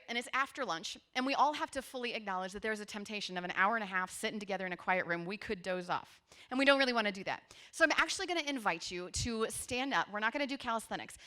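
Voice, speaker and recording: Bright-voiced woman presenting a workshop. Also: on the high side. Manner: lively, conversational storytelling with asides to the audience. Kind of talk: conference workshop talk. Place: conference room with a seated audience.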